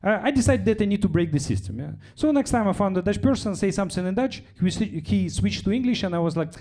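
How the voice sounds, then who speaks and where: A young man from Russia with a Russian accent, doing a chatty stand-up set on stage and tagging his lines with "yeah?". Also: fast talker. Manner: drops into deadpan low voices for quoted lines. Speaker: stand-up comedian. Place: comedy club stage.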